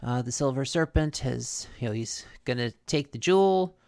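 Rambling woman with a gravelly voice. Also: extremely low pitch, expressive, normal speed, a little mellow. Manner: rambling, filler-heavy storytelling with frequent restarts. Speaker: podcast co-host recapping a cartoon episode. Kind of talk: casual chat.

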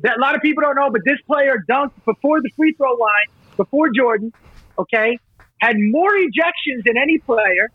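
A man's voice: very high-pitched, animated, normal speed, breathy edge, dry recording. A man co-hosting a casual podcast, speaking in laid-back, joking banter with hesitations. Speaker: podcast co-host. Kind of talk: casual chat. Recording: dull, muffled sound.

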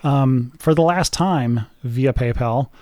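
A man hosting a talk podcast, with a warm, mellow tone. He speaks in a measured way and drops deadpan jokes. The mic is close and dry. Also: medium pitch, no echo. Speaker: podcast host. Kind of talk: casual chat.

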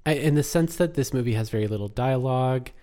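A man's voice: medium pitch, fast, mellow. A man co-hosting a casual chat about a film, talkative, laughing often and trailing off mid-sentence. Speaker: podcast co-host.

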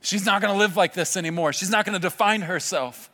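A male pastor preaching a sermon, telling a vivid story with dramatic pauses. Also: high-pitched, a bit bright. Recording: long hall reverb with faint music. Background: faint music.

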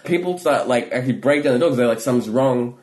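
A male comedian telling a long story in casual talk, rambling with many fillers and swinging from hushed to loud. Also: mid-range voice, very fast. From Australia.

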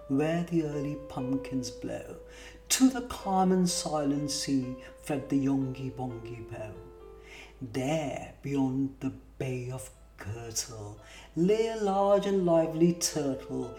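A woman reading a nonsense poem aloud in a slow, lilting recitation. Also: a bass voice, animated, darkish tone. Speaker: reader. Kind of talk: poetry reading. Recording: roomy distant mic with guitar music.

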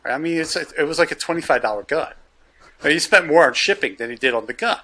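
Talking fast in a somewhat high voice, a man who deals guns spins a casual yarn. He's loose and lively, performing each line of dialogue himself.

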